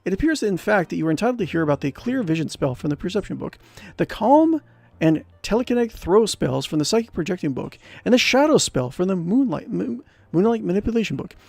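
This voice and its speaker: A scowling, sarcastic male guild master from a fantasy game who is always irritated, as a man reads him out. He grumbles his lines, in a high, gravelly voice full of ups and downs. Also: big pitch swings, fast talker, a little mellow, dry recording, full character voice. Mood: grumpy. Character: grumpy male human guild leader, perpetually scowling.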